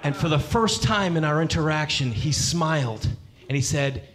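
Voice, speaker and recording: A man performs stand-up, spinning a story with animated delivery and sudden jumps into character voices. His voice sits a little high and sounds bright and forceful. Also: normal speed. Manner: animated, acts out characters with big jumps in pitch. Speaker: stand-up comedian.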